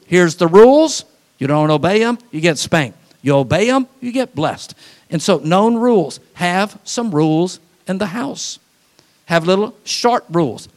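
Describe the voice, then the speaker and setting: A man preaching a sermon as pastor, folksy, with quick asides and acted-out voices. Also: high-pitched.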